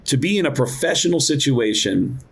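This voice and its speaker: A man's voice: fairly quick, vocal fry, husky. A male comedian and impressionist, a podcast guest, telling a story casually and acting out other people's voices. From United States. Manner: animated, acts out voices with big pitch jumps; casual, lots of "like" and "dude". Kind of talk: storytelling in an interview.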